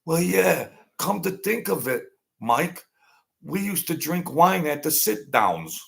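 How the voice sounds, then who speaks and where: A smug male mob boss brags about wine in a voice pitched well above the speaker's own, stammering over his words, as a man mocks him. He sounds boastful and full of himself. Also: big pitch swings, slow pace, vocal fry, fairly bright tone, heavily acted. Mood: smug, mocking. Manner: mocking, stammering.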